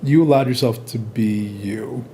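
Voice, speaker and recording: A man's voice: medium pitch, unhurried, mellow, slight background noise. A man hosting a podcast, chatting casually, blunt and supportive, cursing freely. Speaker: podcast host. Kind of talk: casual conversation.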